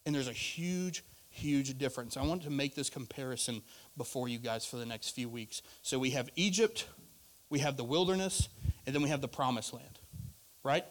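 A male pastor with a medium-pitched voice preaches a sermon at a moderate pace and in a conversational way. He rises to loud emphasis and drops to quiet asides.

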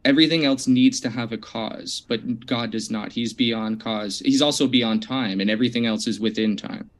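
A man in an online debate, defending his position in a relaxed, hesitant way. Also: medium pitch, normal speed.

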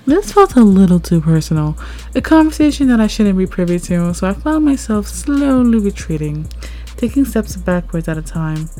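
A woman reading a first-person story aloud, expressive and rising at tense moments. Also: mid-range voice, normal speed. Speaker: story narrator. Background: faint background music.

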